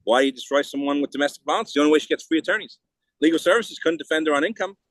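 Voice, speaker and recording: Guy ranting fast on a podcast, keeps restarting, dry sound. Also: fairly high pitch, a bit bright, no echo. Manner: rapid, heated, with many restarts and repeats. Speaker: podcast guest. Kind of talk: casual interview talk.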